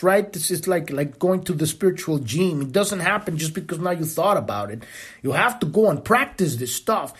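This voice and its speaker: A man's voice: high voice, husky. A man hosting a podcast, giving an impassioned spiritual teaching monologue in a casual tone with blunt profanity. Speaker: podcast host.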